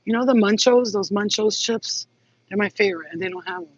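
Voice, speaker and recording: Woman vlogger, loose chatty delivery, husky edge, muffled dry recording. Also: mid-range voice, expressive, fairly quick. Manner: chatty, swears freely, affectionate sign-offs. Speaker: spiritual healer vlogger. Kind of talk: casual live vlog chat.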